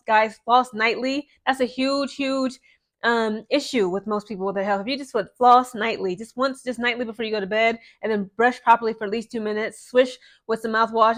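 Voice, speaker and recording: A woman hosts a casual commentary, her voice sitting a little high. She talks straight to her viewers, circling back on her points and calling them guys. Her delivery turns heated and emphatic. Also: fairly bright tone. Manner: repetitive, conversational, addresses viewers as guys. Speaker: commentary channel host.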